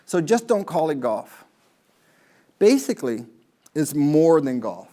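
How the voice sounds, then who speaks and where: Rambling golf pro telling stories. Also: male voice, a little high, big pitch swings, slow, dark tone. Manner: rambling, anecdotal, addresses the audience with questions. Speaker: golf pro and motivational speaker. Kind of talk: live motivational talk. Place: in front of a live audience.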